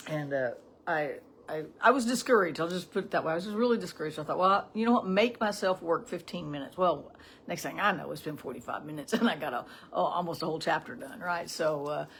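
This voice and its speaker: A woman's voice: fairly low pitch, slight background noise. A middle-aged woman giving a casual morning devotional, talking in a chatty way with frequent "right?" asides. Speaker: devotional teacher.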